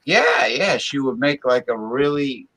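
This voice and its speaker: A man's voice: mid-range voice, expressive, unhurried, a bit bright, rough recording. Easygoing chatty man on a podcast. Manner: easygoing, chatty, repeats himself. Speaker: podcast co-host. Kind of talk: casual chat.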